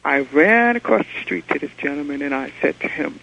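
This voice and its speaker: A man calling in to a radio talk show, telling his story in an earnest, excitable way over the phone. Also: on the high side, a little fast, vocal fry, a little hiss or hum. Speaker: caller. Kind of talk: call-in storytelling. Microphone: telephone. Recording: muffled phone line.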